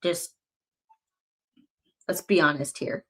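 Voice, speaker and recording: A woman hosting casual commentary on a court filing. She is blunt and sarcastic, swears freely, and her pitch jumps sharply when she is exasperated. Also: steady tone, slow pace, a bit bright, slightly rough. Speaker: commentary channel host.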